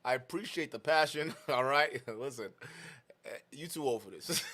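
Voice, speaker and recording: A man's voice: medium pitch, lively intonation, moderate pace, sharp tone. A man in his twenties doing mocking reaction commentary, laughing often. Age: 20s.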